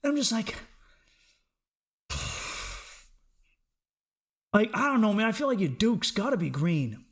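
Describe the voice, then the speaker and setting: A young man talks into a podcast mic in a high voice, cursing freely. He jumps between loud, fired-up pep talk and low, muttered asides. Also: measured pace. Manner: profane, excitable, swings between loud and low. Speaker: podcast host. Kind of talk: solo podcast rant.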